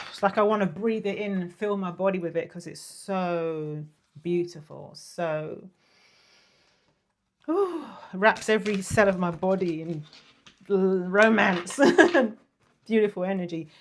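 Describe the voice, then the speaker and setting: A woman giving a casual tarot reading, chatty and apologetic, drifting into soft murmurs and breathy sighs. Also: mid-range voice, expressive, moderate pace, slight background noise. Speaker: tarot reader.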